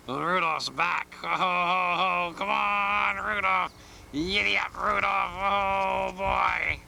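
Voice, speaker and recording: Muttering to himself, a muddled bear fresh out of hibernation wonders aloud what on earth is happening, each slow word creaking and rumbling. A man performs him in a full character voice that's gravelly yet bright and ringing. Faint hiss sits beneath the recording.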